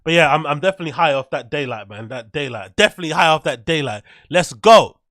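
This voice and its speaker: A man hosting a casual livestream, excitable and slangy, chatting to his viewers from a computer. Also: on the high side, fast, no room sound, clean studio sound. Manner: excitable, slangy, talks to the chat. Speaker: livestream show host.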